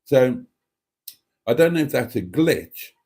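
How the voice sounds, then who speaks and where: A man's voice: medium pitch, very animated, slow pace, mellow, breathy edge. A man hosting a casual live stream, reading chat messages aloud and chatting in a self-deprecating way. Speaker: livestream host reading chat.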